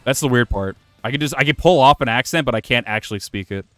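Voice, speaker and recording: A man's voice: medium pitch, quick pace, bright, forceful tone. A man casually commenting while he plays a video game, rambling, self-mocking and swearing freely. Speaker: gaming streamer. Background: faint music playing from his computer.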